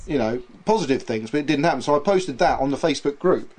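A man's voice: a little high, lively intonation, fast, a little mellow, low-quality recording. A man hosting a casual podcast, reading out listener comments in a playful way, often laughing and tripping over names. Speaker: podcast host.

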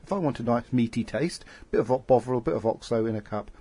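A man hosting a relaxed podcast conversation, voice sitting at an ordinary middle pitch. He meanders through his thoughts, piling up fillers and restarting his sentences. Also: quick pace. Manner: rambling, many fillers and restarts. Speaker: podcast host. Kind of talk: casual chat.

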